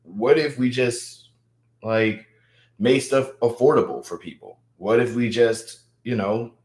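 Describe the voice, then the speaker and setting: A man's voice: mid-range voice, unhurried, a little mellow. A young man from Louisiana, hosting a casual livestream and hyping up viewers, repeating his words as he talks. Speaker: livestream host. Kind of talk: casual livestream chat reading viewer comments. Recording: roomy echo.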